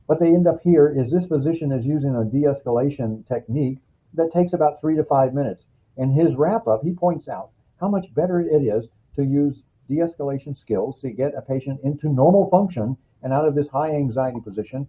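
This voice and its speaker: A man delivers a healthcare training lecture, walking his students through a case and recalling patients from earlier jobs. His voice has a husky, slightly rough edge, and his pitch sits in an ordinary middle range. The sound is thin and phone-like, as if heard over a narrow, lo-fi line. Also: moderate pace. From United States. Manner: explanatory, uses clinical anecdotes. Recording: phone-like lo-fi recording.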